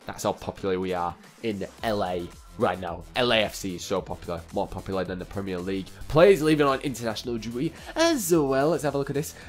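A man's voice: fairly low pitch, expressive, quick pace, faint music behind. A young man chatting and joking through football game commentary, often talking to the players on screen. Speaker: gaming YouTuber. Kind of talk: casual gameplay commentary.

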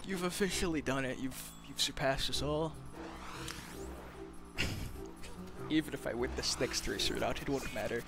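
A man's voice: mid-range voice, normal speed, creaky, long pauses. Swearing young man over game music. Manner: frustrated, swearing, laughing often. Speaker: gamer commentator. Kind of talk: casual gameplay commentary.

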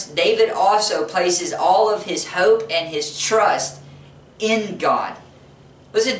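A man's voice: high-pitched, a bit bright, echoey room, recorded from a distance. A man preaching a sermon in an earnest way, repeating key phrases for emphasis. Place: church sanctuary.

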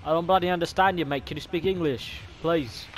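A man's voice: a little high, brisk, faint music behind, pitched above the performer's own voice, lightly acted. A young man doing a put-on Australian gamer voice, slangy and swearing constantly as he banters in an online game chat. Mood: chatty. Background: game gunfire and clicks.

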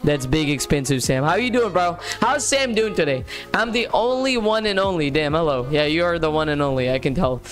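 A man's voice: on the high side, animated, a little fast, faint music behind. A man hosting a live gaming stream, chatting casually in slang and greeting viewers by name. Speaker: livestream host. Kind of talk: casual gaming livestream chat.

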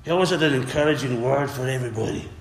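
A man's voice: medium pitch, racing, slight background noise. A man preaching a sermon earnestly, repeating words and calling out for amens. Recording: echoey hall with faint ambience.

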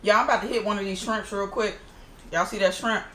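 This mukbang host talks fast in a medium-pitched voice, with reverb and a little hiss or hum in the recording. Eating on her casual vlog, she's animated and exclamatory, speaking to viewers as y'all.

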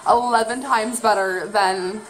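A woman's voice: mid-range voice, steady tone, a little slow. A woman vlogging from a room at home, reacting to a performance with gushing exclamations and lots of "like" and "oh my god". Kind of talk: excited casual reaction vlog.

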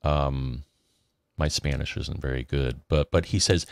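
A man co-hosting a casual tech podcast, relaxed as he reads listener messages aloud. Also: very deep voice, unhurried, gravelly, no echo, studio quality. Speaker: podcast co-host.

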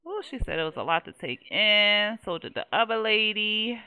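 A woman's voice: mid-range voice, expressive, normal speed, bright, forceful tone, smooth. A young woman, chatting casually and laughing as she plays a life-simulation game and talks to its characters. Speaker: game streamer. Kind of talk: casual Let's Play commentary.

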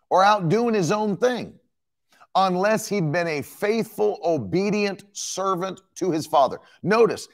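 A man's voice: high voice, gravelly. A male preacher delivering an emphatic sermon, reading and explaining a Bible passage. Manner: emphatic, animated Bible exposition.

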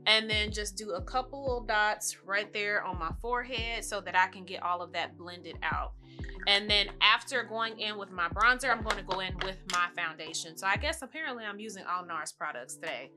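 A young woman chatting casually through a makeup tutorial, talking quickly and laughing often. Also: mid-range voice, music in the background. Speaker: beauty vlogger.

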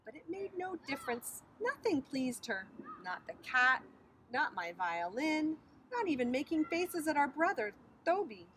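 Woman reading a storybook with lively melody. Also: high voice, measured pace, slight background noise, rough recording. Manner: expressive storytelling. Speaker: preschool teacher. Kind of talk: reading a picture book aloud. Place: outdoors on a bridge over a creek.

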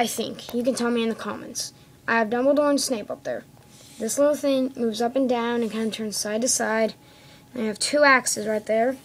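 A woman's voice: fairly high pitch, slight background noise, low-quality recording. A woman giving a casual, rambling show-and-tell review of a toy set, often correcting herself and tagging lines with "okay?", recorded on a phone indoors at home. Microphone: phone camera.

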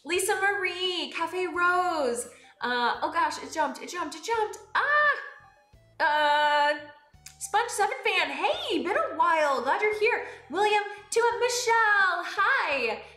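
Bubbly high-voiced woman streamer. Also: takes it slowly, echoey room, soft background music. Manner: bubbly and excitable, swinging between high squeals and low mutters. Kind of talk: live-streamed game play.

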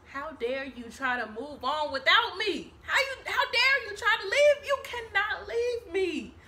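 A woman's voice: very high-pitched, expressive, unhurried, sharp tone, pitched above the performer's own voice, heavily acted. A woman putting on the voice of a jealous, possessive ex-lover who mockingly and indignantly demands to know how you dare leave. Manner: mocking, outraged rising questions.

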